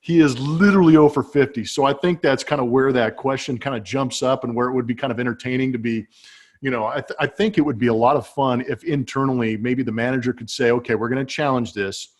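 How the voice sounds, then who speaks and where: A man of middle pitch spins lively stories in casual chat, laughing often. He is co-hosting over a webcam call, speaking from a room at home. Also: fast. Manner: animated storyteller who laughs as he talks. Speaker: podcast co-host, former baseball player. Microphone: webcam setup.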